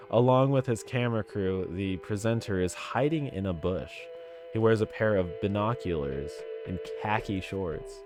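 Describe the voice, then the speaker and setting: A man's voice: fairly low pitch, unhurried, a little mellow, soft background music. A man reading a story game's text aloud, making joking remarks between the lines. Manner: reads narration, breaks into laughs and jokes. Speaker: gamer playing a text game.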